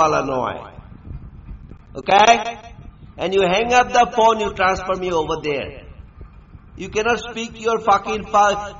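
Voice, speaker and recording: Man on an erratic shouting rant, high gravelly voice, slow delivery, dull lo-fi sound. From India. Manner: shouting, threatening, erratic pitch jumps. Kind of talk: angry rant. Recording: dull lo-fi recording.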